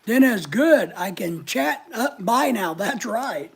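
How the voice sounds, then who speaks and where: Gravelly-voiced man hosting a live chat. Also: high voice, animated, slow. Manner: jokey, chatty, greets viewers by name. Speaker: live-stream host. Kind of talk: casual live-stream chat reading viewer comments.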